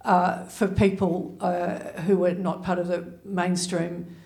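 A woman from the audience asking a question, halting and full of "uh"s. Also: fairly low pitch, flat delivery, gravelly, darkish tone, echoey room. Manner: halting, many "uh"s.

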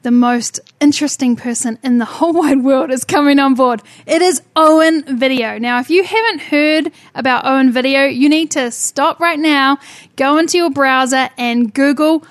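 A woman's voice: sits high, normal speed, no echo, studio quality. A woman hosting a podcast, introducing her guest in a gushing, chatty way. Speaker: podcast host. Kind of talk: casual podcast interview.

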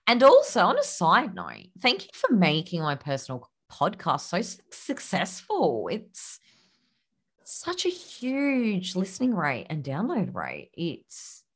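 A woman speaks alone on her podcast, coaching her listeners. Her voice sits low but swoops up and down with lively energy. She laughs easily and sometimes softens almost to a whisper. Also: takes it slowly, husky. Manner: warm encouraging, laughs often, drops to a near-whisper. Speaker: podcast host and business coach. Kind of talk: solo podcast talk.

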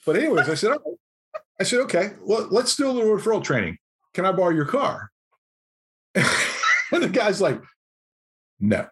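Guy with a husky voice telling a funny story on a podcast, jumps into voices for quotes. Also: high-pitched, moderate pace, pauses often. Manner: animated anecdote-telling, acts out quotes. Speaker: podcast guest, author. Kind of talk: conversational storytelling.

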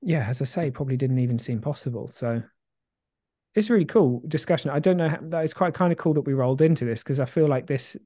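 Reflective man, mellow voice. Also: a little high, lively intonation, quick pace, no room sound, clean studio sound. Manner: rambling, reflective, many fillers and restarts; swears casually, laughs easily. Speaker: podcast co-host. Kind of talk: casual chat.

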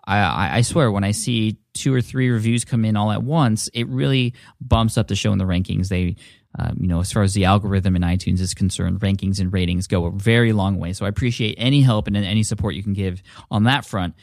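A man's voice: lowish voice, a little fast, vocal fry, darkish tone, no echo, studio quality. A man hosting a podcast, talking with enthusiasm and many restarts and fillers. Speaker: podcast host. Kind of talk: casual podcast talk.

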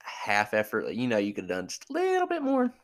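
Male co-host, lowish voice with a lively pitch range; loose, jokey banter. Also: quick pace. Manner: joking, loose, laughs easily. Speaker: podcast co-host. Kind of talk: casual chat.

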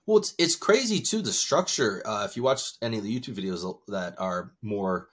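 Low-voiced profane man on a podcast. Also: expressive, normal speed, a bit bright. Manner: blunt, profane, laughs often. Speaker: podcast co-host. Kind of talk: casual podcast chat.

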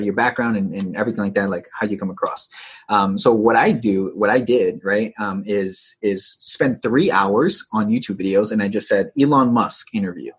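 A man with a low, very husky voice talks as an interview guest, coaching on how to grow a digital agency. He sounds energetic and casual, and he keeps checking in with "right?" as he goes. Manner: energetic, tags many phrases with "right?".

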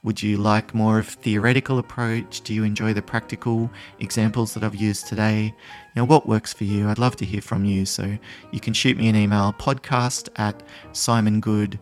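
A man hosting a solo advice podcast, talking in a calm, measured, explanatory way. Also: on the low side, soft background music. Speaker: podcast host.

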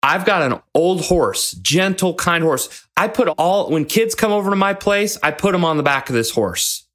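A man's voice: high-pitched, lively intonation, moderate pace, a bit bright, pitched above the performer's own voice. A man voicing his old rodeo coach as a blunt, demanding but caring mentor who talks straight. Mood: encouraging. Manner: scolding, then firmly encouraging.

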